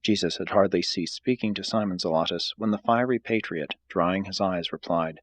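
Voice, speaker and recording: A man reads aloud at a steady, measured pace. His voice is low with a husky edge. The recording is dry and close, with no echo. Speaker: reader. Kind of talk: reading aloud from a book.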